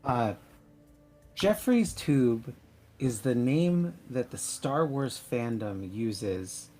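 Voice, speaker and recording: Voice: mid-range voice, lively intonation, takes it slowly, a little mellow, soft background music. A player in a casual tabletop game who asks long, rambling questions.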